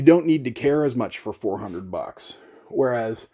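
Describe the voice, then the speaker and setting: A man's voice: mid-range voice, expressive, measured pace, mellow. A man talking casually to camera about his gear, rambling and self-deprecating, with many fillers and restarts. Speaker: gear vlogger.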